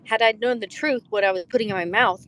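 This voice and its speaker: A woman's voice: fairly high pitch, fast, a bit bright. A woman hosting a book club, reading a book aloud and breaking off into chatty, joking asides.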